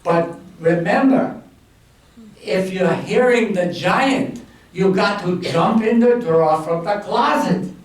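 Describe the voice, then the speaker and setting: A man's voice: high voice, slow pace. A man voicing a woman at a giant's castle who warns a young boy in a comic bedtime story. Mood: warning. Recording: echoey room, mic far off.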